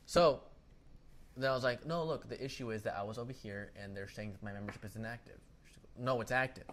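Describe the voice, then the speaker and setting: A man's voice: mid-range voice, fast. A young man co-hosting a casual podcast, telling a heated story with acted-out quotes and frequent swearing. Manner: animated storytelling, acts out quotes, swears a lot. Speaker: podcast co-host. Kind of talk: casual chat.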